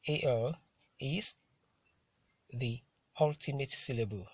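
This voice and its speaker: A man gives a classroom lesson on word stress, talking slowly and deliberately and moving from point to point. His voice is a little husky, and the recording sounds dry and close. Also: medium pitch, no echo. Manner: deliberate, repeats "now" to move on. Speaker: English teacher.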